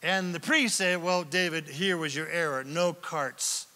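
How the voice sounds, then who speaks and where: A male pastor preaching a sermon, reading scripture aloud and asking the congregation questions, swinging from near-shouts down to whispers. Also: fairly high pitch, unhurried. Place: church sanctuary. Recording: long hall reverb.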